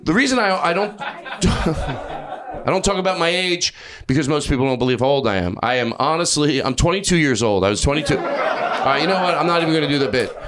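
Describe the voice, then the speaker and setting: A man doing improvised stand-up in a comedy club, yelling and then mumbling his asides. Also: on the high side, fairly quick, background noise. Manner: loud, excitable, swings between yelling and mumbling asides. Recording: live club with crowd laughter. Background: audience laughter.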